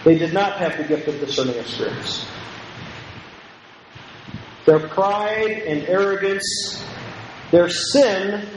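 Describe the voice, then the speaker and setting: In an echoey lecture hall with faint background noise, a high-voiced man takes his time, leaving long pauses. His Bible lecture is emphatic and repetitive, and he draws his listeners into call-and-response.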